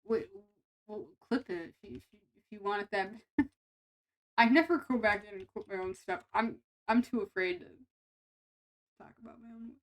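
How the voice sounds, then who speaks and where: A woman's voice: mid-range voice, moderate pace, pauses often. A young woman streamer with a nasal voice, chatting casually and rambling with her viewers, full of restarts and giggles. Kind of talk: casual live-stream chat with chat.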